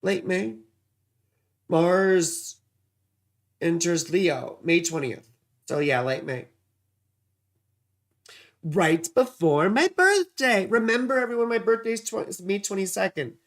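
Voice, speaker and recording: Gravelly, slow-talking male astrology streamer. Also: high-pitched, lively intonation, a bit bright. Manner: rambling, distracted, swears casually. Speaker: astrology livestream host. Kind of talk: casual livestream astrology reading.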